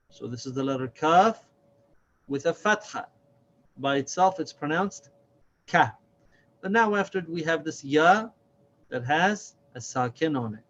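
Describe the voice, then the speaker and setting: Patient man teaching, slightly high voice. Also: lo-fi sound. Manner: slow and deliberate, repeats and stretches sounds to demonstrate. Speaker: Quran reading teacher. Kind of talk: slow, patient recorded lesson.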